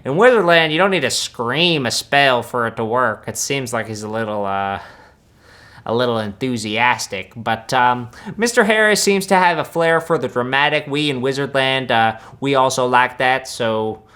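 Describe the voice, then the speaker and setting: A young man reacts to films in deadpan comic style as a smug, boastful country-boy wizard, rambling in a relaxed drawl with folksy asides. He uses a mid-range voice with a sharp tone at a moderate pace, lightly acted.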